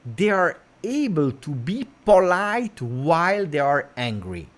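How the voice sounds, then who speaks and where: Italian man hosting a football livestream, lively pitch, chatty with fillers. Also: slow pace. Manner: animated, chatty, many fillers. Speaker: football channel host. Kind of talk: casual livestream chat.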